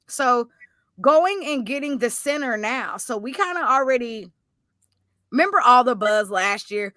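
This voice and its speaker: Woman co-host, casual football chat. Slightly high, bright voice with a dry, close sound. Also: normal speed, dry recording. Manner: chatty, animated, self-correcting. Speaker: podcast co-host.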